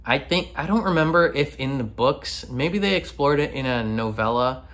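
A man hosts a laid-back reaction video, thinking out loud in a middle-pitched voice. He rambles, backtracks through false starts, and breaks into laughter often. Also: expressive, normal speed. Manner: rambling, laughs often, many fillers and restarts. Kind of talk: casual reaction commentary.

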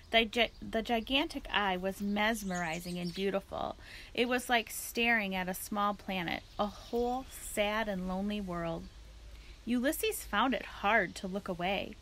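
Lady librarian reading a kids book out loud, calm steady pace, bit of vocal fry. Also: mid-range voice, slight background noise. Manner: gentle, steady reading, a few slips. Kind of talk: read-aloud storytime.

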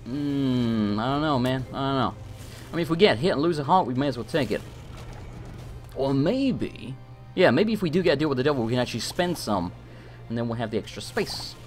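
A young English man streaming a game, chatting and reacting excitably, sometimes swearing when things go wrong. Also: medium pitch, brisk, faint music behind. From England. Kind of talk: live gameplay commentary.

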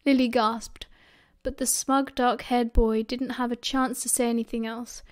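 A woman with a British accent narrating an audiobook in a steady, expressive storytelling manner. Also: on the high side, a little slow. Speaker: audiobook reader.

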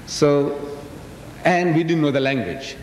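At a measured pace, a South African man in his sixties lectures a live crowd, his booming voice carrying through a PA microphone in a large hall. He teases listeners and fires questions at them, with echo and faint background noise audible.

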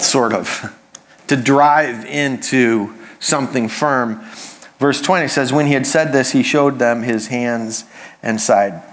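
A pastor preaching to his congregation in an easygoing, conversational way. His voice sits at an ordinary middle pitch for a man, and he slips in light humorous asides as he goes. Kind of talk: sermon.

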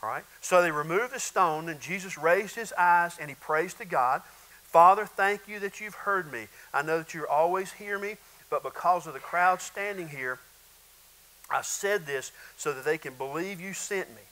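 Bright high-voiced male pastor preaching. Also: normal speed, low-quality recording. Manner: conversational preaching with bursts of shouting and laughter. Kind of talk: sermon.

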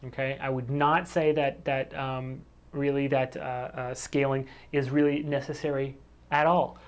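A man's voice: mid-range voice, flat delivery, a little slow, clean tone. A man teaching animation in a video lesson, standing in a room and talking to the camera, with frequent restarts and fillers, and yawning and short of breath. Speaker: animation instructor.

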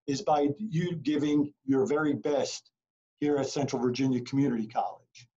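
A male college counselor talking energetically and encouragingly to prospective students over a video call. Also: fairly high pitch. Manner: energetic, encouraging, rapid delivery. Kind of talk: virtual information session talk. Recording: dull lo-fi video call audio.

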